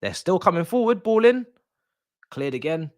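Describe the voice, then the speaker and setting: A man's voice: high-pitched, sing-song, moderate pace, no room sound, clean studio sound. Young man chatting over football. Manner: laughing, nostalgic banter with slang, loud bursts at near-misses. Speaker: watch-along streamer. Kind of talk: casual football watch-along chat.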